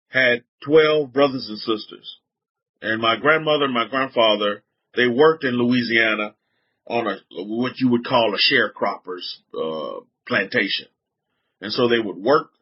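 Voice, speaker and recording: An unhurried man with a medium-pitched, slightly rough voice and a Southern US accent gives an informal religious talk to a group, heard on dull audio. As a teacher addressing his listeners, he repeats himself, restarts often, and keeps firing rhetorical questions at them.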